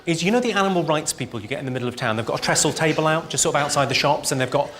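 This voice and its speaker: A man performing a stand-up comedy set in deadpan one-liners, with clipped delivery. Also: on the high side, racing. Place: large venue with live audience. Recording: live show with loud crowd laughter and noise.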